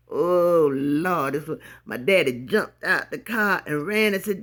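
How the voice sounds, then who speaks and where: A woman telling a funny childhood story to her viewers in an animated, casual way, talking straight to the audience. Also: deep voice, measured pace, vocal fry, hardly any pauses.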